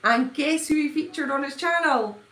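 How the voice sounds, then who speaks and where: A woman chatting on a home live stream, bubbly and quick to gush and laugh. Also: high voice, bright, forceful tone. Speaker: livestreaming fan-channel host. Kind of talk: casual live-stream chat. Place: at home, indoors. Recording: echoey room.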